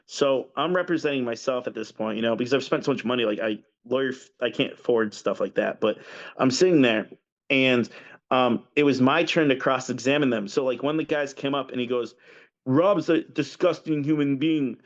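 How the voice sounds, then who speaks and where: As a guest on a podcast, a man tells a story in casual chat, rambling, restarting sentences, and filling pauses with fillers. His voice is mid-range and brisk, and the lo-fi audio sounds dull.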